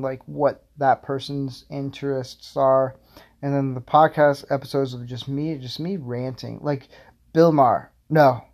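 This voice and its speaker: A man's voice: mid-range voice, creaky, darkish tone. Rambling young man hosting a solo podcast. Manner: rambling, filler-heavy, self-deprecating. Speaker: podcast host.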